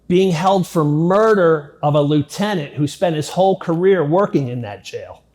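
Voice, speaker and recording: A middle-aged man telling his own life story in an interview, speaking candidly, swearing casually and dropping very low at the darkest parts. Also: lively intonation, normal speed, few pauses. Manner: candid, drops to near-quiet at grim moments, swears casually. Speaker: interview guest.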